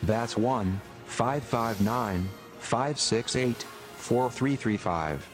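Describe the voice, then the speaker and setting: A man's voice: medium pitch, extremely slow. A synthesized man's voice reading a scripted podcast disclaimer in a robotic tone. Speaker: disclaimer announcer. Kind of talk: scripted announcement. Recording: over loud music.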